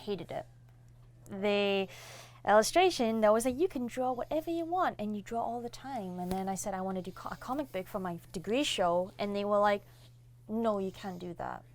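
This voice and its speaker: Guesting on a casual interview, a young comic artist tells her stories with animation, performing the voices of the people she quotes. She speaks at a moderate pace in a mid-range voice.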